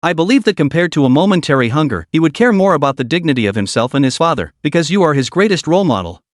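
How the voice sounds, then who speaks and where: A man voicing a calm, earnest young hero in a storybook recap, speaking steadily with a hint of smugness. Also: on the high side, fast talker, dry recording, clean studio sound.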